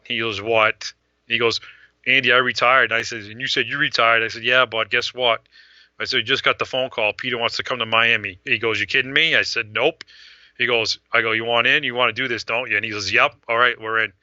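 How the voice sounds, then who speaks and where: A middle-aged man who organizes fan events, telling a rambling, animated story in casual talk and acting out the voices of people he quotes. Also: mid-range voice, no room sound, lo-fi sound.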